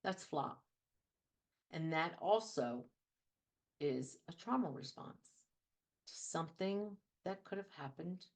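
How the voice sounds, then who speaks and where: Host type: earnest female coach, lowish register, conversational, repeats key phrases. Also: gravelly. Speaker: talk show host and trauma coach. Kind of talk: casual advice talk.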